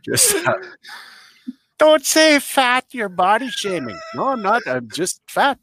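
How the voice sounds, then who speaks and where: This is a man telling a comic story. He talks in a blunt, rambling, profane way and jumps into loud impressions, so his pitch swings a great deal. The voice sounds dry and close to the mic. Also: huge pitch swings, takes it slowly, dry recording. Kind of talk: improvised comedic storytelling.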